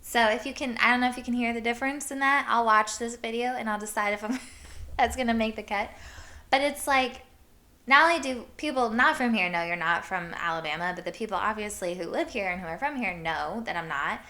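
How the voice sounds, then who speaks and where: Woman from iowa rambling on her podcast, bright voice, says like a ton, laughs a lot. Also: fairly high pitch, fairly quick. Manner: rambling, full of "like", laughs often. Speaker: podcast host. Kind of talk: casual storytelling chat.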